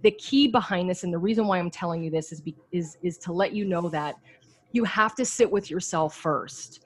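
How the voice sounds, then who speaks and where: A woman's voice: on the low side, moderate pace. A woman in a casual chat, earnestly sharing advice from her own experience and swearing now and then.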